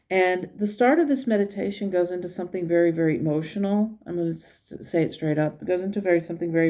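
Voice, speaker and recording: A woman's voice: low-pitched, dark tone. A woman reading tarot and talking earnestly, often repeating words for emphasis. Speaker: tarot reader and channeler. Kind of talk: casual spoken reflection.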